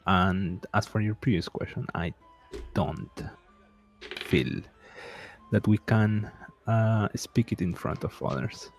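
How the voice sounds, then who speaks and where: A man playing a formal, guarded bodyguard in a tabletop game, speaking in a slow, measured way. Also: fairly low pitch, faint music behind. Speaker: player. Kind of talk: in-character tabletop role-play.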